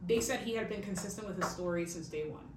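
A fast-talking woman with a medium-pitched voice hosts a podcast, telling a true-crime story in a casual, chatty manner peppered with "like" and "okay?". It's recorded in an echoey room from a distant mic, with faint hiss.

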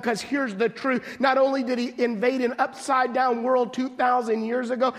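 A man pastor preaching a sermon, building to shouted emphasis at times. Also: extremely high pitch. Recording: long reverb of a large hall.

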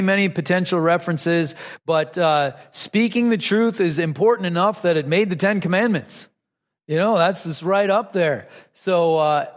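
A man's voice: high-pitched, big-room sound. A man preaching a sermon to a congregation, asking them questions and repeating lines for emphasis. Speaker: pastor.

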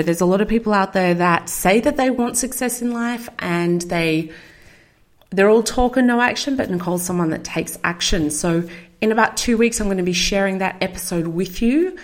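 A chatty, enthusiastic woman hosts her own podcast in a relaxed solo talk. She sounds middle-aged, with a mid-range voice and an upbeat, eager delivery. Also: mid-range voice, moderate pace. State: out of breath. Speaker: podcast host and marketing coach.

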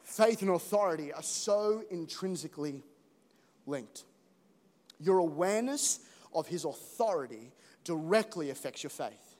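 A man preaching an animated sermon as a pastor, joking and building to loud peaks. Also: on the high side, unhurried. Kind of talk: energetic sermon. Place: large church hall. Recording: long hall reverb.

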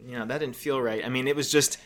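Man, podcast co-host, bright sharp tone, animated, swears casually, mid pitch. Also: fast talker.

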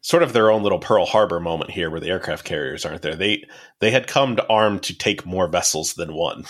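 Low-voiced man telling history wryly. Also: fairly quick. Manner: wry, explanatory storytelling. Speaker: podcast host. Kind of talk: casual history podcast narration.

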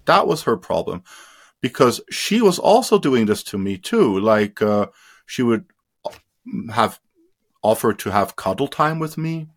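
An adult man who grew up in India gives personal testimony as a guest in an interview. His mid-range voice is very animated, yet he speaks haltingly, with many fillers and restarts, often trailing off quietly.

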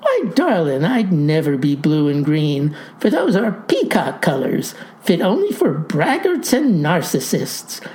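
A woman doing a sly older farmer, folksy and breezy, playing innocent in a storybook tale. He speaks slowly and with a lively swing in pitch, in a mellow voice. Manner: folksy, airy and innocent-sounding.

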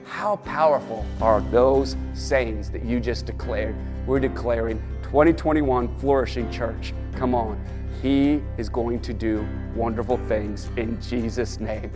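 A man's voice: medium pitch, steady tone, measured pace, long reverb tail, music in the background. A man preaching a sermon as pastor, rousing his listeners and urging them on with a repeated "come on.". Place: church or studio, preaching to an online audience.

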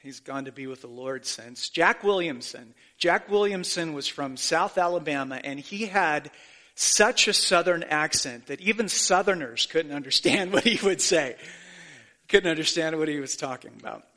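Male pastor, forties, bright, fairly high voice, earnest conversational preaching. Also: lively intonation, normal speed. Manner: earnest, conversational preaching with self-deprecating asides. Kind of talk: sermon.

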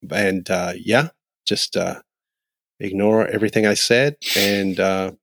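A man's voice: low-pitched, steady tone, a little slow, creaky, fairly bright tone, no echo, studio quality. A man co-hosting a casual podcast, rambling and jokey, musing aloud with lots of fillers. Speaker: podcast co-host. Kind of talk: casual chat.

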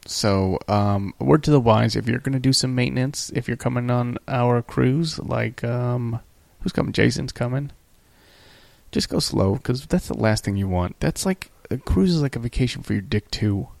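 A man's voice: medium pitch, normal speed, creaky, a little mellow, no echo. A man co-hosting a casual podcast, rambling through profane stories and acting out the people he quotes. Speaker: podcast co-host. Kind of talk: casual crude chat.

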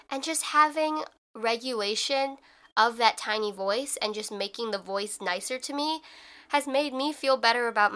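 A young woman talks through her own podcast episode in a loose, reflective way, leaning on "like" and little restarts. Her voice sits a bit high and has a crisp, bright edge. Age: young adult. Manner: chatty, filler-heavy, reflective. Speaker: podcast host. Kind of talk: casual solo podcast talk.

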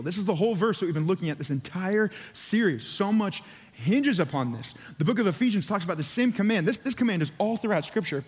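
Speaking fairly quickly in a high, lively, slightly mellow voice with a breathy edge, this pastor delivers a relaxed, chatty sermon in a church sanctuary. He leans on "like" constantly and performs the voices of the story's characters, all echoing with church hall reverb.

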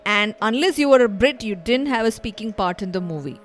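A woman's voice: mid-range voice, expressive, brisk, soft background music. A woman hosting a podcast, chatting enthusiastically with a young guest about the news. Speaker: podcast host. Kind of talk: casual chat.

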